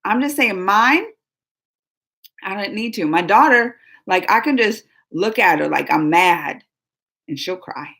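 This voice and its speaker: A woman's voice: mid-range voice, lively intonation, unhurried, fairly bright tone. A woman hosting a casual live stream, chatting and rambling to viewers, laughing often. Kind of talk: casual live chat reading viewer comments.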